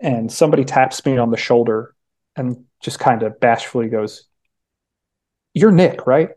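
A young man chats as a podcast guest, spinning long stories and slipping into quoted voices. His tone is mellow and warm, and his pitch sits in a middle range. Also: normal speed. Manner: chatty storyteller, frequent restarts and acted-out quotes. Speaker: podcast guest, sports beat writer. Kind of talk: casual chat.

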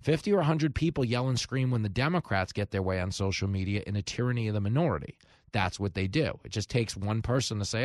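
A man, hosting a talk radio show with animated, sarcastic commentary. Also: lowish voice, fast talker, dry recording, clean studio sound. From New York.

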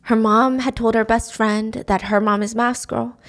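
A woman casually retelling a drama's plot as host, acting out the characters' lines in raised voices. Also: normal speed. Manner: animated, acts out character lines in high voices. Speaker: show recap host. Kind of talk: casual storytelling recap.

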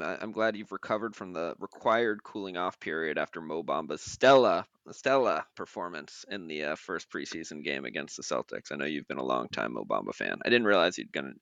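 Male guest, smooth resonant low voice, dry close sound, friendly and halting. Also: pushed and bright, dry recording, muffled recording. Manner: friendly, hesitant with frequent fillers. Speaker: podcast guest. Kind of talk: casual sports podcast chat.

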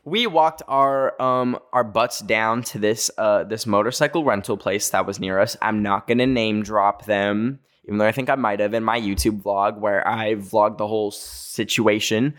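A man's voice: lowish voice, fairly even intonation, moderate pace, hardly any pauses, fairly bright tone. A young man from North America hosting a podcast, telling a story with lots of "like" and jokey asides. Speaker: podcast host.

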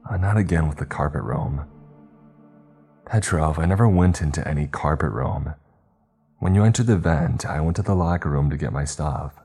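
A man's voice: very deep voice, normal speed, mellow, slightly rough, soft background music, full character voice. A man voicing a wary young woman store worker, who sounds cautious and defensive.

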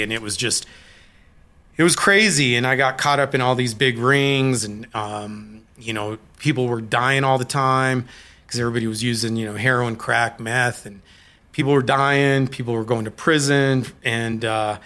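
A middle-aged man from Colorado telling his own story of hard times as an interview guest, candid and halting. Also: mid-range voice, fairly even intonation, pushed and bright. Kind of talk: personal recovery story in an interview.

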